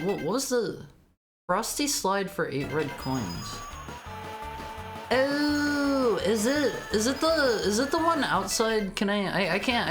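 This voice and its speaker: A woman streaming a video game, chatting playfully and teasing her chat. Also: fairly low pitch. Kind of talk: casual game-stream commentary. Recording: game music playing behind.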